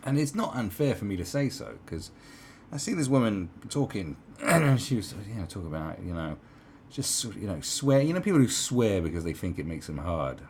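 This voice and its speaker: A man with a very low, slightly mellow voice rambles through sarcastic opinion commentary in a sing-song way at normal speed, barely pausing. He circles back with fillers and asides, and a faint hiss runs beneath the recording.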